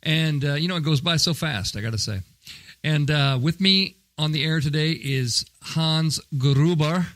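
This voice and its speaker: A man's voice: fairly high pitch, measured pace, a bit bright, dry recording. Upbeat joking male podcast host. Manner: upbeat, jokey, chatty with fillers. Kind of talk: casual podcast talk.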